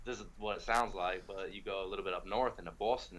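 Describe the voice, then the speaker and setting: A young man from the United States explaining in a casual video chat, relaxed and full of fillers. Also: deep voice, fast talker, poor audio. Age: young adult. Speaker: language exchange partner. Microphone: video call.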